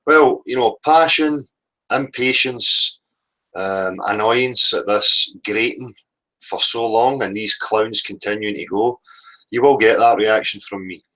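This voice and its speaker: A man's voice: fairly low pitch, slow, bright, forceful tone, poor audio. A man hosting a livestream, combative and sweary, repeatedly asking "right?" as he rants. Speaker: livestream host. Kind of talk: heated livestream rant.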